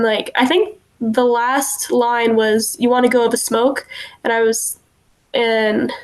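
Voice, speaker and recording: A young woman, an actress guest on a podcast, telling stories in a giggly, bubbly way with lots of fillers. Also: a little high. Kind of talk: casual podcast interview.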